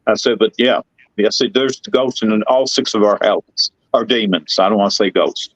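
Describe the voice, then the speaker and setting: A middle-aged man, telling rambling, excitable stories in casual chat. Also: lowish voice, moderate pace, dry recording, highs cut off. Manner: folksy, rambling, excitable storyteller. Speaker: guest telling paranormal stories.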